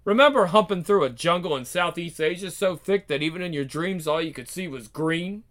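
A man voicing a weary, menacing male spirit of a soldier, speaking in a low, intimate, taunting way. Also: fairly quick, fairly bright tone, lightly acted. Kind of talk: one-man script reading.

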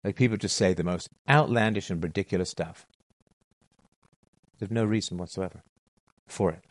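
Emphatic middle-aged man, low dry voice. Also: normal speed, no echo. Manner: emphatic, repeats key phrases. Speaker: philosophy talk host. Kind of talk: monologue to listeners.

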